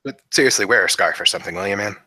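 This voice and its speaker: A man playing a tabletop game, halting and full of fillers. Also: on the low side, sharp tone, husky. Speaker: player. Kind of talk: casual tabletop play.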